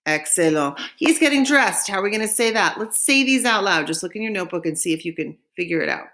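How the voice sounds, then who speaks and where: A woman French teacher, recording a lesson and modeling phrases slowly for students to repeat. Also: mid-range voice, lively intonation, a bit bright. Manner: slow modeling of phrases for repetition.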